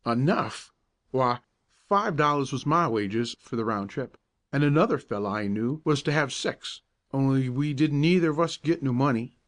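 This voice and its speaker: A man voicing a big, uncouth teenage boy who gives slow, low, earnest warnings. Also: animated, fairly bright tone, lightly acted.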